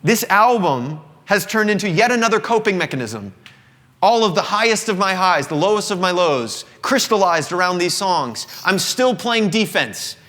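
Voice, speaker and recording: He's a man in his thirties, a singer-songwriter from the Southern United States, offering an earnest and reflective confession to a live crowd in an indoor company showroom. The voice is high and a bit bright, with lively intonation at normal speed, heard through the long reverb of a live room.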